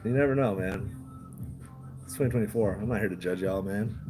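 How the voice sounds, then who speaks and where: A man's voice: lowish voice, brisk, long pauses, a little mellow, soft background music. A man hosting a casual livestream, rambling, chuckling often and swearing freely. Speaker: livestream host.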